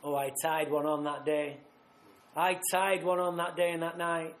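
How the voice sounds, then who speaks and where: A man speaking at a recovery retreat, telling his own story bluntly and vividly, acting out scenes with rough language. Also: on the high side, level tone, moderate pace. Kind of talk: personal recovery story told live. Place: retreat meeting room. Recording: roomy live talk recording.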